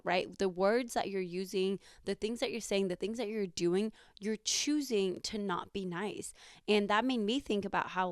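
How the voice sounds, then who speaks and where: A woman's voice: medium pitch, no room sound, clean studio sound. A woman in her thirties hosting a podcast, talking casually with lots of fillers and rhetorical questions. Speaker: podcast host.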